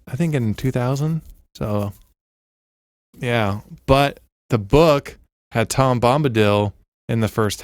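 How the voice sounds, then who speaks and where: A man's voice: fairly low pitch, a little mellow, no room sound. A man co-hosting a casual podcast, joking and rambling with lots of fillers, on a studio mic with headphones. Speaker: podcast co-host. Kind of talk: casual chat.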